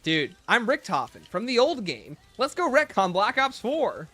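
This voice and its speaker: A man putting on a showy, boastful game villain who announces himself with theatrical flair. The voice is pushed well above the man's own pitch, bright and lively, with soft game music underneath. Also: a little slow, husky, exaggerated voice. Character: scheming male scientist villain from a zombie game, boastful.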